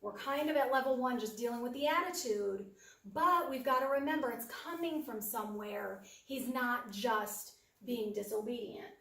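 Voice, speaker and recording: A woman runs a practical, down-to-earth parenting workshop, briefly playing the parent's role in each example. Her fairly bright voice sits a little high for a woman, and she sounds far from the mic in a noticeably echoey room.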